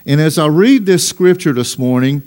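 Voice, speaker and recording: A man delivers a sermon with a voice pitched a little high. He reads scripture aloud and then presses his points with emphatic stresses. He slows right down on the lines he wants to land. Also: animated, darkish tone. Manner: preaching with emphatic, rising stresses and slow drawn-out lines; reads scripture aloud in old-fashioned wording. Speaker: pastor.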